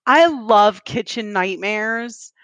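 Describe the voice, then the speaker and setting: A woman's voice: fairly high pitch, slow pace, fairly bright tone, dry recording, lo-fi sound. A woman co-hosting a casual podcast, chatty and giggly, with lots of filler words. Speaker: podcast co-host. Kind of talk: casual chat.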